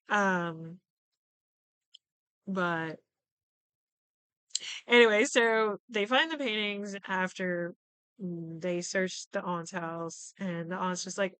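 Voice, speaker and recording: A young woman hosts a podcast, casually and animatedly recapping shows, swearing freely and voicing the characters' lines. Her mid-range voice is unhurried, smooth and fairly bright, with no room sound.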